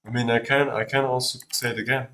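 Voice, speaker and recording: A man with an Austrian German accent chats loosely with his viewers on a livestream. His pitch sits in the middle of the range. He keeps talking while he works on his game, so his attention drifts between the chat and the task. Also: flat delivery, fast, bright, forceful tone. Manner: distracted, talks while working. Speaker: streamer making a game.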